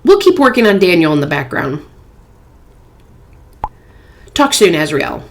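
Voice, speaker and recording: A woman's voice: lowish voice, very animated, measured pace, slight background noise. A woman hosting a phone game playthrough, reading chat messages aloud in a playful, chatty way. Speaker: gaming channel host.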